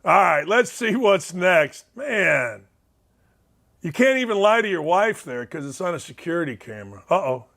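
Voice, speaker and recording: A male show host giving casual, blunt, wisecracking reaction commentary on viral clips, now and then shouting in disbelief. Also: high-pitched, sing-song, moderate pace, vocal fry.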